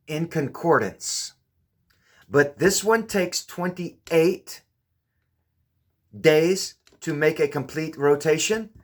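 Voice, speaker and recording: A man giving a casual hands-on explanation with objects, often stopping to ask the viewer whether they see it. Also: on the high side. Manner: keeps checking with the viewer, repeating "do you see". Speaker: presenter demonstrating with objects.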